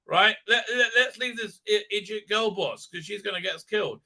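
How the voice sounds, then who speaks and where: Gravelly, sneering male streamer. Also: normal speed, hardly any pauses, bright, forceful tone. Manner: sneering, profane, mocks characters in squeaky put-on voices. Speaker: show host. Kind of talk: ranting live-stream commentary.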